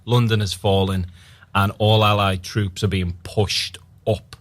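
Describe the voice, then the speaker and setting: A man, an actor guest on a radio interview, talking hesitantly with many ums and pauses. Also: fairly low pitch, level tone.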